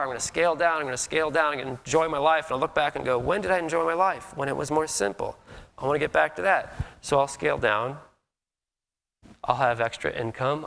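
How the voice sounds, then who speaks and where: A man's voice: fairly high pitch, vocal fry, bright, forceful tone. A middle-aged man from Colorado giving a conversational sermon, often acting out people's inner voices. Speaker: guest minister. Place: church sanctuary. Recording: long hall reverb.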